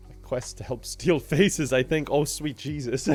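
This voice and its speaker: A man's voice: mid-range voice, fairly even intonation, a little slow, soft background music. A man chatting casually while streaming a game, laughing often and thanking viewers by name. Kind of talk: casual gaming livestream chat.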